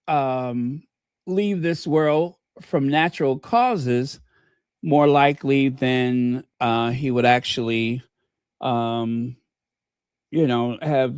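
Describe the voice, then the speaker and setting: A man's voice: medium pitch, clear, resonant tone, no echo, clean studio sound. A man hosting a casual livestream, rambling with many fillers and reading viewer comments aloud. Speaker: channel host.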